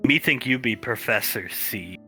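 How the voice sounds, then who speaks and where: A man's voice: mid-range voice, moderate pace, pushed and bright. A man voicing a blunt male character who talks in clipped, broken English, with faint guitar music behind. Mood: scheming.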